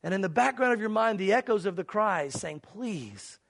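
A man's voice: high voice, fast talker, creaky. A man preaching a sermon, dramatic at times, acting out scenes and pleading earnestly with his listeners. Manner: dramatic, acts out mocking crowds and shouts; earnest, pleading altar call. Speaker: pastor.

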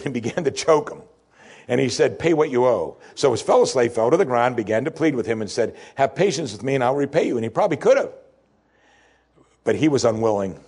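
A man with a husky, slightly breathy voice delivers a sermon as a pastor, retelling a parable in an animated way. He climbs high and loud to stress a point, then drops to a quiet, low murmur for the lesson.

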